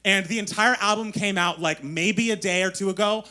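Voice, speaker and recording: Bright, excitable man co-hosting a live podcast. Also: high voice. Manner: gushing, quick and excitable, laughs often. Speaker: podcast co-host. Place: live stage before an audience.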